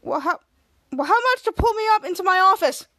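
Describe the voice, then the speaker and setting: A woman voicing a whiny adult male vice mayor, loud and pleading. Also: extremely high pitch, lively intonation, a little fast, dry recording, voice pushed up.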